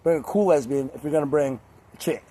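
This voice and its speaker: A young man talking casually to camera in a crude, rambling way, laughing often and mimicking others in high voices. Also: fast talker, mellow, a little hiss or hum. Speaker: vlogger.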